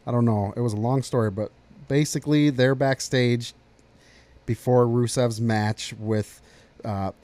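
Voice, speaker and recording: Animated man recapping wrestling, dry sound. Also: medium pitch, a little slow, dry recording. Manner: animated storyteller, acts out quotes. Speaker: podcast co-host. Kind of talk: casual wrestling recap chat.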